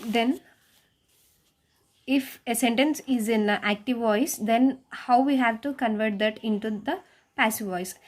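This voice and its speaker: A woman with a notably high voice takes a class through a grammar lesson one step at a time. She keeps putting rhetorical questions to her pupils and repeating key words. Her sentences often stop and restart as she works through each example. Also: unhurried. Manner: frequent hesitant restarts. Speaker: schoolteacher.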